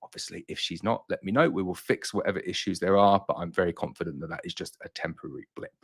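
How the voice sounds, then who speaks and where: A man with a low, creaky voice talks fast. He owns a beekeeping and honey business and is hosting a casual live-stream Q&A, answering viewer questions in a reassuring way while sounding a bit out of breath.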